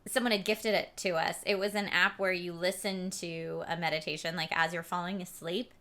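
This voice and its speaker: A woman's voice: fairly low pitch, steady tone, normal speed, bright, forceful tone. A woman co-hosting a casual chat, talking frankly and with self-deprecating humor. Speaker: co-host.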